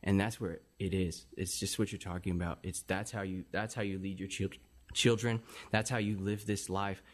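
A man's voice: low-pitched, steady tone, moderate pace. A man hosting a podcast, talking about faith in a preaching style and quoting scripture in old wording.

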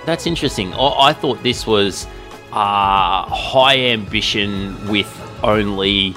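A man's voice: lowish voice, takes it slowly, sharp tone, faint music behind. A man co-hosting a podcast, giving album opinions in casual chat with hesitant, stammering restarts. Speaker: podcast co-host. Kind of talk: casual music review chat.

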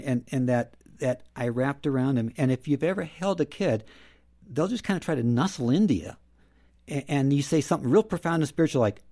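A middle-aged man speaking earnestly and personally on a roundtable, dropping softly when he quotes his prayers. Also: mid-range voice. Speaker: guest. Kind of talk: reflective roundtable talk.

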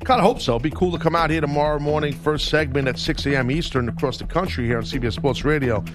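A man's voice: fairly high pitch, fast talker, over music. A man co-hosting a sports radio show, talking in an emphatic, argumentative way. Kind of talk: casual sports radio chat.

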